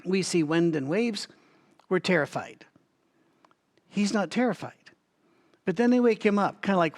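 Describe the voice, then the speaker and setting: A man's voice: high voice, animated, normal speed, long pauses. A man leading a Bible study in a conversational teaching style, thinking aloud with asides and restarts, and coughing now and then. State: has a recurring cough.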